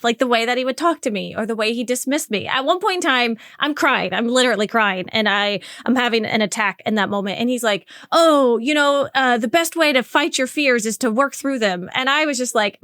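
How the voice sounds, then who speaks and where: A woman's voice: fairly high pitch, a bit bright, no echo, studio quality. A woman in her forties, a podcast host, telling a personal story in a candid, earnest, conversational way. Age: 40s.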